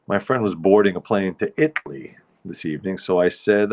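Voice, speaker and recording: A man's voice: sits low, fairly quick, few pauses, lo-fi sound. A man hosting his own live show, chatting casually and rambling as he greets viewers by name. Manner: rambling, chatty, self-interrupting. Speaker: host of a nightly live show.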